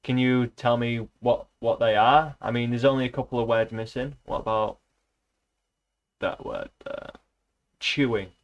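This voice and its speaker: A man reading a classic novel aloud on a stream, his voice at an ordinary middle pitch. He keeps wandering off into rambling, sarcastic asides full of swearing before he gets back to the page. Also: steady tone, moderate pace, hardly any pauses, lo-fi sound. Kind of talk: casual reading aloud with commentary.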